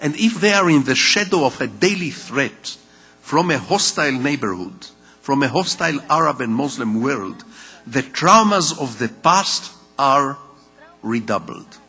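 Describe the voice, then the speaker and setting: An older Israeli man with a Hebrew mother tongue, giving a public lecture in measured storytelling with rhetorical repetition. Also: mid-range voice, sharp tone, husky, big-room sound. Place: large lecture hall.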